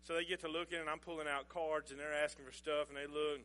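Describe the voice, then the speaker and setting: Middle-aged man, pastor telling a sermon story, chatty, chuckling, bright tone. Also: fairly high pitch, little pitch movement, fast talker. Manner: folksy, chuckling, conversational.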